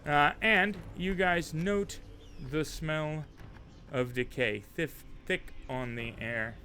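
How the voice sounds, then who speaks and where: A man narrating a tabletop game as game master, relaxed and chatty with frequent fillers. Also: a little high, slow, slight background noise.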